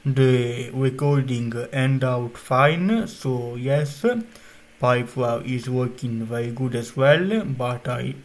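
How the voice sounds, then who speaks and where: On his stream, an Italian man chats in English, his second language, with an Italian accent. His medium-pitched voice moves slowly with a fairly even intonation, and his talk is rambling and casual, marked by rough, non-native phrasing.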